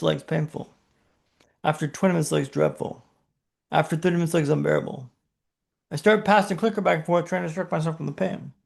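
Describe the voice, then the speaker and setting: A man's voice: sits high, creaky. A man, a podcast guest, telling a dramatic personal story in punchy short phrases with rhetorical questions.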